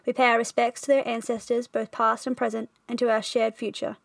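A woman reading a formal acknowledgement in a measured, steady way. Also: a little high, vocal fry, no room sound. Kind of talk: read acknowledgement.

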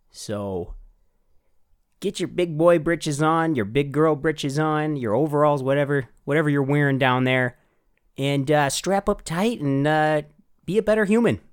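A man's voice: on the high side, normal speed, natural voice. Podcast host, male, putting on a hammy Canadian accent for the outro; folksy and chirpy. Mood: folksy cheerful. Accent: put-on Canadian. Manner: folksy, chirpy, swears casually. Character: cheery man with a put-on Canadian accent. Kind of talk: podcast sign-off.

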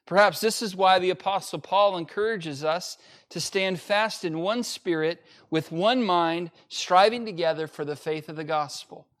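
Man, pastor, emphatic sermon, livestream service, higher pitch. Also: moderate pace, fairly bright tone. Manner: emphatic preaching with fillers and repeated phrases. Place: church during livestream-only service.

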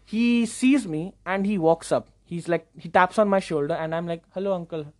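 Young male podcast host, casual animated storyteller, self-mocking, repeats words when excited. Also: high voice, moderate pace.

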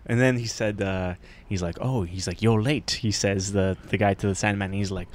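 A man's voice: on the low side, steady tone, moderate pace. A man hosting a podcast, casually retelling a story with lots of fillers, restarts and asides. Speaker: podcast host. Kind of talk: casual chat.

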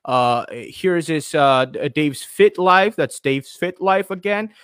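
A man's voice: a little high, lively intonation, slow, a bit bright, clear, resonant tone, no room sound. A man from India, hosting a podcast in his home studio in a playful, upbeat way with many fillers. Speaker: podcast host. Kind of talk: casual podcast sign-off.

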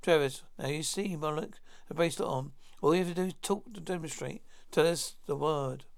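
Man reading cruel villain commander, cold, menacing, gravelly. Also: a little high, brisk.

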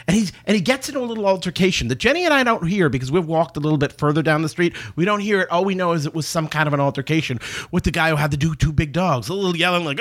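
Lively guy cohost spinning a story, bouncy high voice, laughs a lot. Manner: animated, laughing, acts out quoted people. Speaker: podcast co-host. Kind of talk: storytelling in casual chat.

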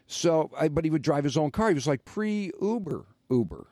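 A man's voice: on the high side, lively intonation, normal speed, a little mellow, dry recording, clean studio sound. An older man and former radio host, telling rambling stories in casual podcast chat with many fillers.

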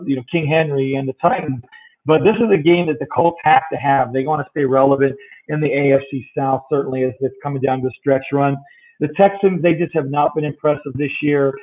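A man hosting a podcast, chatting casually through game picks. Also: on the high side. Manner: talkative, rundown of matchups. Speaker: podcast host. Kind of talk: casual sports picks chat. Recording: tinny phone-like sound.

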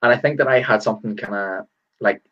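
A man's voice: lowish voice, fast. A man hosting a podcast, musing in a rambling, reflective way with many fillers. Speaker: podcast host. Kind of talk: casual interview. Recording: dull lo-fi sound.

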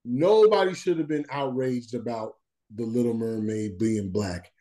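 A man co-hosting a podcast in casual chat, animated and slangy, laughing often. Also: mid-range voice, a little slow. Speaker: podcast co-host.

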